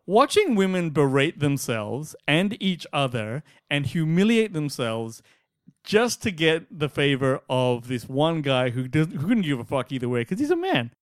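A man's voice: on the high side, unhurried, dry recording, studio quality. A man co-hosting a podcast, ranting in casual chat and swearing freely. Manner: animated, swearing, acts out quotes in mocking voices. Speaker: podcast co-host.

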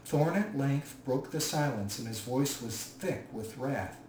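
A man narrating a storybook aloud in a measured, even manner. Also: mid-range voice. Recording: roomy, distant mic, faint hiss.

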